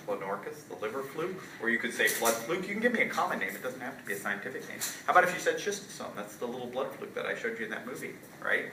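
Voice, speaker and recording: A man's voice: medium pitch, sing-song, fast talker, few pauses. Man lecturing in an echoey hall. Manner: casual, quizzing students with frequent "right?". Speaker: college zoology lecturer. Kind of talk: classroom lecture. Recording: roomy lecture hall from far off, light noise.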